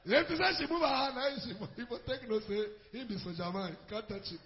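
A man preaching a sermon, telling a story that moves between loud exhortation and low, quiet narration. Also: a little fast, big-room sound, dull audio. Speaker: pastor.

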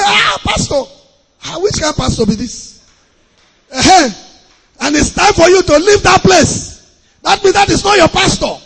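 A man preaches as pastor in a strikingly high, gravelly voice. He hammers his points with repetition and bursts of shouting. The sound carries the long reverb of a church hall. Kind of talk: sermon.

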